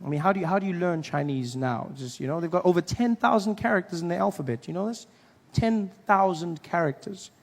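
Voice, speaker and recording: A man's voice: high-pitched, fairly quick, creaky. A man doing stand-up comedy, chatty and riffing.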